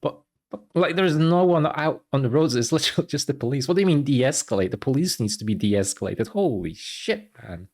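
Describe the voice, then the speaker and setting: A man's voice: medium pitch, expressive, brisk, a little mellow. A man streaming live, reacting to clips with profane, mocking disbelief.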